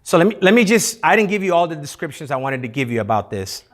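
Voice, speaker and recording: A man's voice: on the high side, very animated, quick pace. A man leading youth group teaching in a playful, interactive way, having the room repeat key words.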